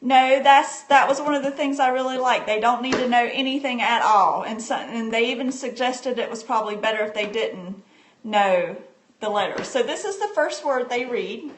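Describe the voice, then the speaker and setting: A woman's voice: fairly high pitch, normal speed. A homeschooling mother demonstrating a reading book on a casual live stream, chatting and answering viewers' comments with plenty of fillers. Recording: echoey room with faint background noise.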